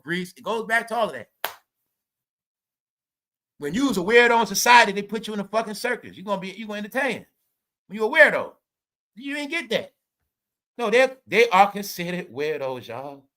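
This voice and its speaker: A man hosting a casual celebrity gossip rant, swearing, laughing often and talking straight to his viewers. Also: high-pitched. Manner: loud, laughing, swearing, addresses viewers as y'all. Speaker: commentary host.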